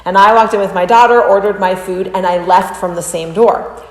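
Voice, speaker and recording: A woman in her thirties recounts a personal story in casual reaction commentary. She tells it with animated delivery and mimics other people's voices. The room is echoey, with a long reverb. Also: mid-range voice, normal speed. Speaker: reaction video host.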